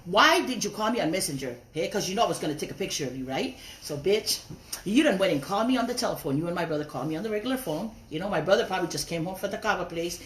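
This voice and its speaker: A woman's voice: fairly low pitch, a little hiss or hum. A woman ranting on a phone livestream, profane and confrontational, slipping between English and Tongan phrases. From raised outside Tonga. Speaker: social media livestreamer. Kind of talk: angry livestream rant. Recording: roomy echo.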